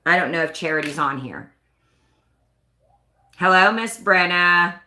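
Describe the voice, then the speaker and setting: A woman's voice: on the low side, measured pace, sharp tone, roomy sound. A woman hosting a casual live stream, chatting and rambling in a self-conscious way. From United States. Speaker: livestream host.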